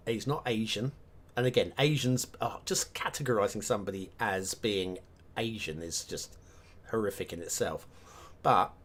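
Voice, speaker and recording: A man chatting casually on a live game stream, rambling between topics and humming to himself as he works. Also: on the low side. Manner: rambling, hums and mutters to himself while working. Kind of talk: casual live-stream chat while map making.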